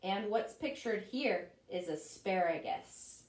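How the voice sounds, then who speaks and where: A woman librarian reading picture books at a children's storytime, animated and asking the children questions. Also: medium pitch, takes it slowly. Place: library room. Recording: roomy echo, voice from a distance.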